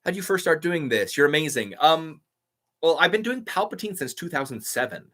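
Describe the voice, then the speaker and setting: A man's voice: a little high, lively intonation, brisk, a bit bright. A young man chatting casually on a live stream, reading out viewer comments and thanking people. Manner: upbeat, reads chat comments aloud and thanks viewers. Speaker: YouTube impressionist answering live chat.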